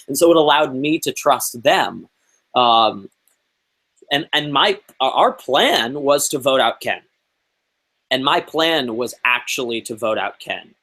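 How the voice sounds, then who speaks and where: A young man in his twenties, a guest on a chat show, telling a story in a lively, animated way, full of fillers and acted-out quotes. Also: medium pitch, rough recording. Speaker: interview guest. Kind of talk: casual storytelling.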